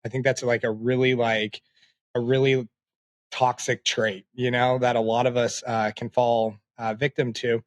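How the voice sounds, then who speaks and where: A man in his late twenties, a podcast guest, talking in a reflective, halting way with many fillers. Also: mid-range voice, level tone, dry recording. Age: 20s. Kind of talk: casual interview talk.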